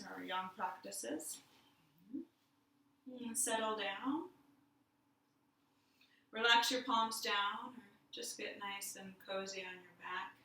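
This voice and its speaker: A woman yoga teacher giving slow, gentle cues for poses and a guided meditation. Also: medium pitch, a little hiss or hum. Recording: very echoey room, distant mic.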